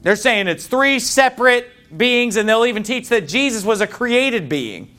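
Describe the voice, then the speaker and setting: A man delivers a sermon with a voice pitched high for a man. His delivery is animated, rising and falling widely as he reads scripture and explains it. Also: normal speed. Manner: impassioned, reads scripture aloud in King James wording. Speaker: preacher.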